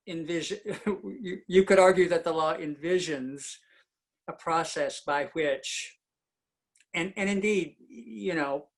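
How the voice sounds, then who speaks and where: A man's voice: fairly high pitch, a bit bright. A man on a panel answering a question, hesitant, with many ums and restarts. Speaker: panelist, attorney.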